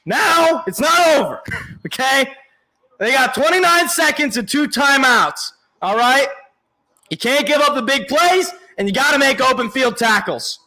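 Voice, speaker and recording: A man giving excited live play-by-play as a fan, yelling at big plays with a voice worn from shouting. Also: very high-pitched, a little slow, low-quality recording. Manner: yells and cheers at big plays, sings along. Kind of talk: excited live reaction commentary.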